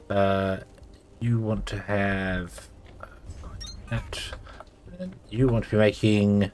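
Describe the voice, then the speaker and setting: A man's voice: lowish voice, a little hiss or hum. Sleepy man narrating gameplay. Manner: rambling, thinking aloud with many fillers. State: sleepy, yawning. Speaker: gameplay streamer. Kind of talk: casual gameplay commentary.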